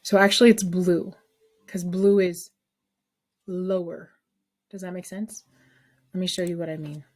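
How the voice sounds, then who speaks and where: A woman's voice: lowish voice, steady tone, a little slow, pauses often, a little mellow. A woman teaching a math lesson to her class, explaining a problem step by step in a chatty way and often checking that students follow.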